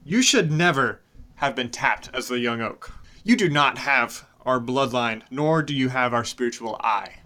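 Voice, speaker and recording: Haughty furious elf elder man, as a game master puts him on, bright voice, shouting demands. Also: medium pitch, steady tone, moderate pace, close to an everyday voice. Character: proud angry male elf elder of old lineage.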